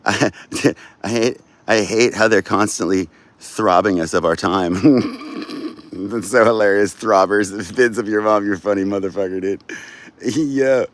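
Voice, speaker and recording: A man's voice: on the low side, a little slow, no room sound. A man hosting a livestream, chatting casually with viewers, swearing freely, rambling and laughing often. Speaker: livestream host.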